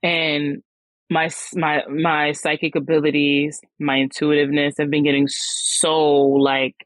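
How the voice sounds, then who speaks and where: A woman's voice: sits low, flat delivery, measured pace, no room sound, poor audio. A woman hosting a podcast, telling a personal story in a candid, slangy way with frequent restarts. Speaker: podcast host.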